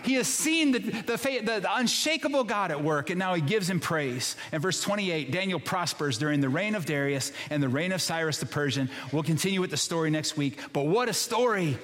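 High-voiced pastor preaching in an echoing hall. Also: male voice, animated, a little fast, hardly any pauses, a bit bright. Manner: conversational, emphatic storytelling. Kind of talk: sermon.

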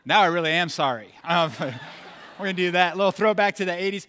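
Pastor, bright voice in a reverberant hall. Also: male voice, on the high side, quick pace, clear, resonant tone. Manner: conversational, playful, acts out childhood scenes. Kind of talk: sermon. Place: church sanctuary.

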